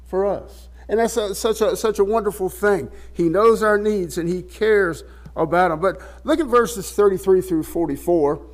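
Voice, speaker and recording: A man with a high voice preaches a sermon. He reads scripture aloud and then talks it through conversationally, restarting and repeating words as he goes. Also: darkish tone. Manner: conversational, repeats words while searching for phrasing; reads scripture aloud in King James wording.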